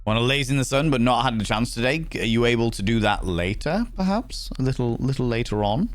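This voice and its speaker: A man's voice: medium pitch, expressive, a little fast, no room sound. A man giving chatty, playful let's-play commentary, greeting viewers and swearing freely. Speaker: streamer.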